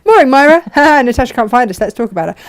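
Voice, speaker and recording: A middle-aged woman hosting a live craft show, chatting brightly and reading out viewers' greetings. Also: high-pitched, very animated, quick pace, smooth. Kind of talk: casual live-stream chat.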